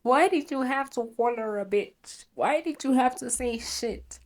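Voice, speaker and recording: A woman putting on an anxious, scolding middle-aged mother who raises her voice above her own low register. She fires off one fretful question after another in a worried, nagging tone. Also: a little slow.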